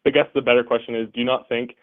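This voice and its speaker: A man debating politics over a call, hesitant and halting, full of fillers. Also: medium pitch, flat delivery, no echo. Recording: tinny phone-like line.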